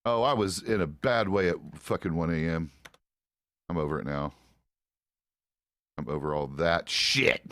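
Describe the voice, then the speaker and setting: A man's voice: low voice, a little slow, long pauses, fairly bright tone, no room sound, studio quality. A middle-aged American man chatting casually and profanely while roleplaying in a game, chuckling often. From United States. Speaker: roleplay streamer.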